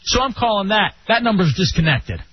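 A man hosting a radio talk show, telling a story in an animated way and acting out the voices of the people in it. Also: sits high, brisk, slightly rough. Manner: animated, acts out quoted voices. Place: radio studio. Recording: dull radio broadcast with faint hiss.

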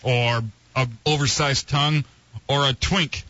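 A man's voice: mid-range voice, steady tone, bright, forceful tone. A man co-hosting a live radio talk show, reading out plugs and firing back at his partner. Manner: plugging details, quick comebacks. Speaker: radio co-host. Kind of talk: casual radio banter. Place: radio studio. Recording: dull lo-fi radio broadcast with music.

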